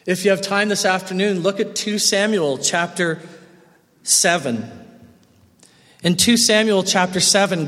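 A man preaching a sermon as pastor, expressive, swinging between loud and quiet. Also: high voice. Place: church sanctuary. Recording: long church reverb.

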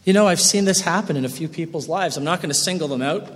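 High-voiced pastor in reverberant church. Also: male voice, quick pace. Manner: expressive preaching with wide swings in loudness. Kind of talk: sermon. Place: church sanctuary.

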